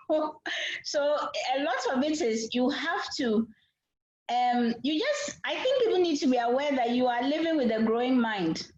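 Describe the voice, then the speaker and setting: A woman facilitating a casual panel chat, frank and lively, acting out quotes as she tells stories. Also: high-pitched, moderate pace, a little hiss or hum. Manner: frank, lively storyteller who acts out quotes. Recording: roomy, dull lo-fi sound.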